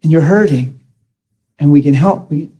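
A man's voice: a little high, moderate pace, dark tone, breathy edge. A man preaching to a class in a sermon-style talk, emphatic and often asking the listeners if they follow him. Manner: emphatic, with rhetorical questions to the listeners.

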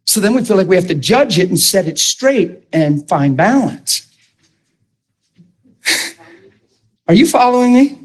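High, husky-voiced preacher man. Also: slow, pauses often, low-quality recording. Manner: excitable, storytelling, emphatic with repeated stammered restarts. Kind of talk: sermon.

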